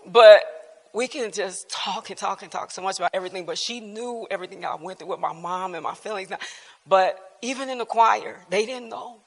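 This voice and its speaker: A woman's voice: medium pitch, a little fast. A woman giving a casual personal testimony at a church bible class, colloquial and laughing often. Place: church hall. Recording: reverberant church hall.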